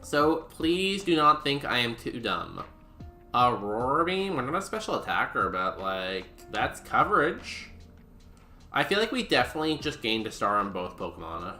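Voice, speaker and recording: Dude streaming a game, goofy chatter, bright voice, roomy echo with music behind. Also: male voice, medium pitch, very animated, moderate pace. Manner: goofy, chatty, self-mocking. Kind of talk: casual gameplay commentary.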